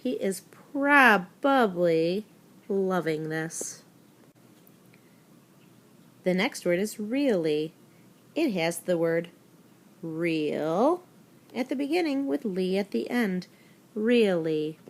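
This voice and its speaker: Slow, deliberate woman teaching spelling to kids. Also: fairly low pitch, expressive. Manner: deliberate, spells words out letter by letter. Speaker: elementary school teacher. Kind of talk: recorded spelling lesson for children.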